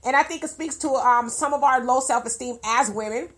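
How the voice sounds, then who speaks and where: A woman's voice: fairly high pitch, brisk, fairly bright tone. A woman co-hosting a casual panel chat, candid and opinionated, lecturing her points. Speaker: podcast co-host.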